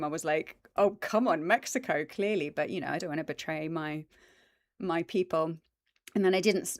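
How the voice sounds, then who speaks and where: Close to the desk microphone in front of her, a voice actress with a British and American accent chats enthusiastically through a casual plant stream, dropping lots of ums and asides to her viewers. Her voice is low and the recording dry.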